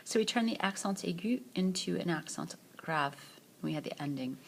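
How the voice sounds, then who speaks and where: A woman teacher with a fairly low voice narrates a French grammar screencast over a tablet. She explains each point patiently and models the verb forms slowly so that learners can repeat after her. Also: animated, vocal fry, slight background noise.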